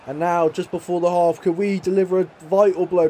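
Excitable man commentating his game. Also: sits high, brisk, hardly any pauses, slight background noise. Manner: excitable, swings from muttering to shouting; casual swearing, self-talk. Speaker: gaming YouTuber. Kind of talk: let's-play match commentary.

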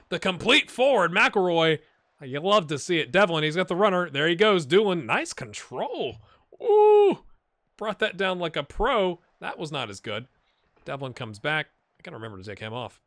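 A man giving casual, animated commentary while playing a football management game, cheering on and talking to his players. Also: high voice, dry recording, studio quality. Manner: animated, talks to his players, puts on silly voices.

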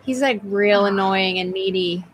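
A woman's voice: medium pitch, unhurried, music in the background. A woman hosting a casual board game stream, bubbly and laughing often. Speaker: host.

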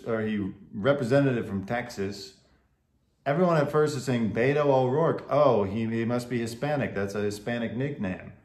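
A man's voice: medium pitch, darkish tone. Opinionated man in an echoey room. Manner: opinionated, explains at length. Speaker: podcast co-host. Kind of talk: casual chat.

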